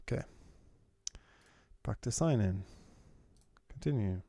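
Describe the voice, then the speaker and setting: A man's voice: fairly low pitch, animated, slow, dark tone. A man streaming live, muttering to himself in exasperation as he works, then explaining his process to the chat. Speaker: streamer giving feedback.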